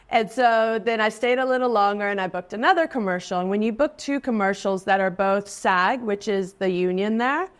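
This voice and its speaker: A woman in her forties, a guest actress in a casual interview, who talks in a chatty way, laughs often and lifts her voice when quoting people. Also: mid-range voice. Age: 40s.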